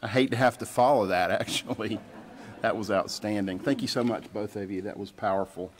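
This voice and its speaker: A man's voice: on the low side, brisk, a little hiss or hum. A man, a pastor, preaching a sermon in a plainspoken, conversational storytelling way. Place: church sanctuary. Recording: church livestream with long reverb.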